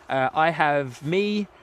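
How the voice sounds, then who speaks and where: A man's voice: medium pitch, fairly bright tone. An English man in his thirties hosting a live plane-spotting stream outdoors at an airport, chatting loosely with many fillers and laughs. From England. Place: outdoors at an airport, light rain. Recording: outdoor stream with faint background noise. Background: faint outdoor and vehicle noise.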